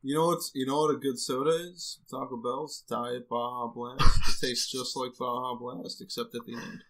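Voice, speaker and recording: A man co-hosting a podcast, joking around in a loud, playful way. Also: mid-range voice, little pitch movement, normal speed. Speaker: podcast co-host. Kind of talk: casual chat.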